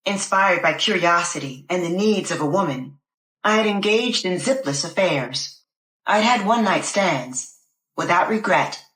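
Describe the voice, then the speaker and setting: A woman reading a first-person novel aloud in a measured, deliberate way. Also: fairly low pitch, expressive, a bit bright. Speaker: narrator. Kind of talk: scripted first-person audiobook narration. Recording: roomy echo.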